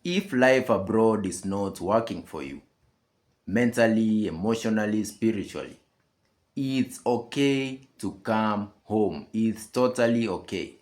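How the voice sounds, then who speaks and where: A man addresses his viewers in a deliberate, unhurried way. His voice sits low, and his tone is earnest and reassuring. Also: animated, darkish tone. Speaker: commentary channel host. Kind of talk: direct-to-camera commentary.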